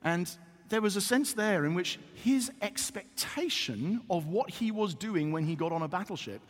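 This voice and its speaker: A man preaching a sermon to a congregation, telling stories with animated asides. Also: high voice, moderate pace. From Britain. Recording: long reverb in a hall.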